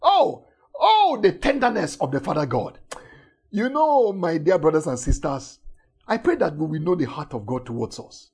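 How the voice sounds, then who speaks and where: A man preaches with a husky, slightly rough voice. His pitch swings widely as he repeats key words and moves between loud emphasis and hushed, tender passages. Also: sing-song, moderate pace. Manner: emphatic, repetitive, swings from shouting to soft intimate tones. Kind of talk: sermon.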